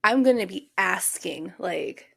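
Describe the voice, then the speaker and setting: A woman's voice: mid-range voice, animated, measured pace, vocal fry, breathy edge. A woman co-hosting a podcast in casual chat, reacting with short exclamations and remarks that trail off. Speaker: podcast co-host.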